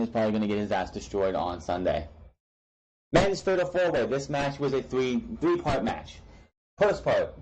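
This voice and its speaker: A young man giving a blunt, opinionated wrestling recap in casual talk. His voice sits at an ordinary mid pitch, and he often restarts sentences and swears offhandedly while he rants. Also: a little mellow, muffled recording. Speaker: wrestling show reviewer.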